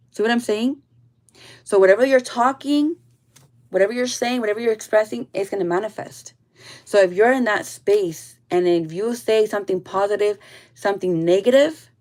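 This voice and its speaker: Blunt, profane woman giving a spiritual reading. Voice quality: blunt and profane, drifting soft and low. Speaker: tarot reader.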